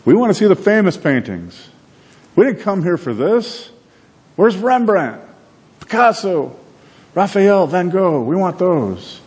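A man voicing a crowd of indignant wealthy art buyers in a sermon story, high and exclaiming. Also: big pitch swings, measured pace, darkish tone, breathy edge, long reverb tail, heavily acted. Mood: demanding. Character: indignant rich male art buyers demanding famous paintings.

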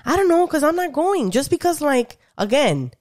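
Woman, podcast co-host; animated casual talker, very lively pitch, close dry mic. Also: normal speed, dry recording. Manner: animated, laughs often, swears casually. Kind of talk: casual chat.

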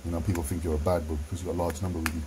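Blunt, low-voiced man. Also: little pitch movement, very fast, background noise. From London. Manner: blunt and heavy with swearing. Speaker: vlogger. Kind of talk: casual monologue to camera.

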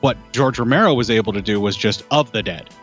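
A man's voice: fairly low pitch, quick pace, faint music behind. A man in a casual film review podcast chat, giving long, detailed, rambling explanations. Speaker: podcast co-host.

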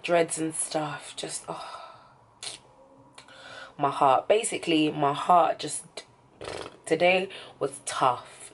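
A woman's voice: deep voice, creaky, a little hiss or hum, poor audio. A woman with a London accent chatting to camera at home in a casual vlog, heartfelt and talkative, sometimes dropping almost to a whisper. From England. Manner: chatty and heartfelt, drops to a soft near-whisper at times. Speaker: vlogger. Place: indoors at home.

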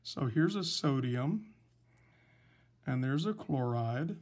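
A man teaching a recorded chemistry lesson, explaining patiently and slowly with some fillers. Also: mid-range voice, lively intonation, a little mellow. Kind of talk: recorded lecture, writing examples.

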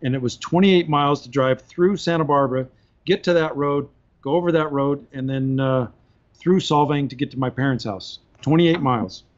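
A man telling long stories on a podcast in a casual, animated way, often laughing as he talks. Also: mid-range voice, moderate pace. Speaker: podcast guest. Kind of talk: casual storytelling. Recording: dull lo-fi podcast audio.

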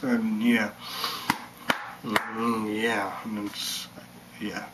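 A man's voice: lowish voice, steady tone, takes it slowly, pauses often, a little hiss or hum, low-quality recording. A man rambling through a casual vlog monologue, meandering and muttering, sometimes dropping to a whisper. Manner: meandering, mutters and drops to whispers, bursts into sung chants. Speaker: vlogger.

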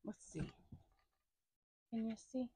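A middle-aged woman, chatting casually as she unboxes stationery. She gushes with excitement and often drops into hushed asides. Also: fairly high pitch, takes it slowly, breathy edge, dry recording. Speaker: stationery haul vlogger.

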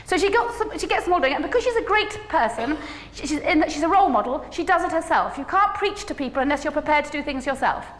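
A woman giving a conference keynote, animated and humorous, coaxing the audience to join in. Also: high-pitched, fast talker, few pauses, a little hiss or hum. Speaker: keynote speaker. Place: large conference hall. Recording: echoey hall, faint ambience.

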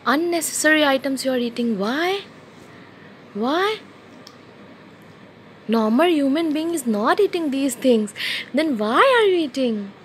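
A woman's voice: high voice, expressive, measured pace, pauses often, a little hiss or hum. A woman talking baby talk to a baby at home, coaxing and playful with sing-song questions, recorded on a phone.

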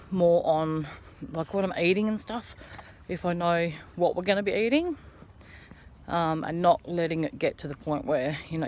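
A woman's voice: low-pitched, a little mellow, a little hiss or hum. A woman in her thirties vlogging casually while out walking in the morning, talking encouragingly to the camera. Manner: chatty, encouraging, talks to camera. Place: outdoors on an early morning walk.

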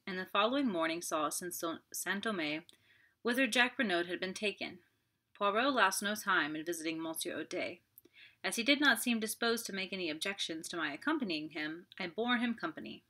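A woman reading a novel aloud as an audiobook, steady storytelling with friendly asides. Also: lowish voice. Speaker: audiobook reader. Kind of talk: audiobook narration.

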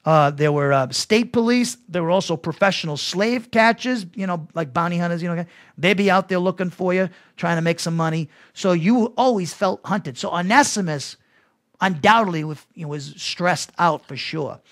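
A man's voice: high-pitched, normal speed, fairly bright tone. A man teaching a Bible lesson as pastor, talking conversationally with restarts and asides to his listeners.

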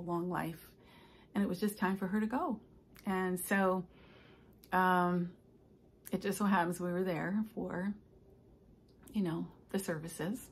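An older woman, a stitching vlogger, chatting casually and telling rambling stories with soft asides. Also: on the low side, husky. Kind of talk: casual chat.

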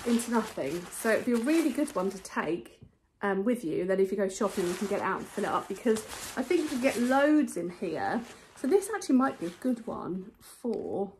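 A British woman chatting to camera in a casual vlog, rambling and correcting herself as she goes. She talks from home into a phone camera. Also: mid-range voice. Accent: British English. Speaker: vlogger showing a charity shop haul.

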